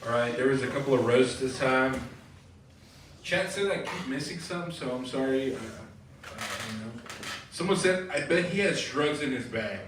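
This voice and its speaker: A man's voice: mid-range voice, lively intonation, normal speed. A man hosting an open mic, reading roast comments casually, laughing and introducing the next comedian. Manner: casual, a little unsure, laughs at the jokes. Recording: echoey room, far from the mic, with noise.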